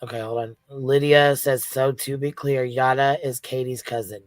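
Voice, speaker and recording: A man's voice: mid-range voice, fairly even intonation, normal speed, dry recording. A man moderating a livestream panel, reading viewer comments aloud in a matter-of-fact way.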